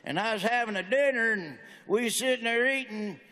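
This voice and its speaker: A man's voice: extremely high pitch, normal speed, bright, forceful tone. A man performing a stand-up comedy routine, telling folksy stories with brash, punchy one-liners. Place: stage in a large venue. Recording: echoey hall with faint ambience.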